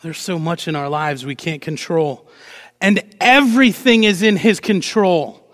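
A man preaching a lively sermon as pastor, asking the congregation rhetorical questions and acting out short quotes with playful energy. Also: fairly high pitch, measured pace. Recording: long hall reverb.

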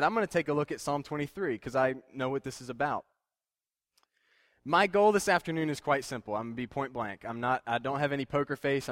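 A man's voice: medium pitch, fairly bright tone, dry recording, studio quality. Plain-spoken young man preaching a casual sermon. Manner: plain-spoken, self-deprecating, conversational with many fillers.

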